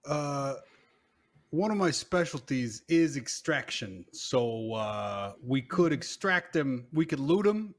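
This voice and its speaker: A man playing a tabletop role-playing game in a relaxed, jokey way. He pads his ideas with uhs and little laughs. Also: medium pitch, slow pace. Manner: laid-back, joking, many fillers. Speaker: player. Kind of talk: comedic tabletop role-play.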